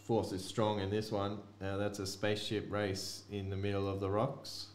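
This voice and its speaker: A man's voice: fairly low pitch, completely flat delivery, normal speed. A man hosting a card break, chatting offhandedly to viewers as he opens packs. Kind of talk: casual card-break commentary. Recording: echoey room with faint noise.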